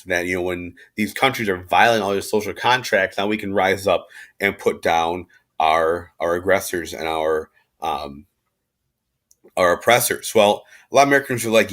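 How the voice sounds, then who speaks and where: A man with a lowish voice gives a relaxed history lecture to his class. He speaks in a chatty, slangy way and keeps the tone informal, with fillers and restarts throughout. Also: normal speed. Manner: chatty and slangy, acts out quotes in everyday speech. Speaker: history teacher. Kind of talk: casual recorded class lecture.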